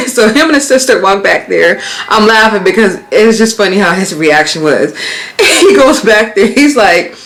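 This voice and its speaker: An American woman in her thirties, a vlogger casually telling a story, growing heated and animated as she retells it. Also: medium pitch, moderate pace, slight background noise, rough recording. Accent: American, Las Vegas. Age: 30s. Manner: animated, swearing, rising to exclaim in quoted retellings.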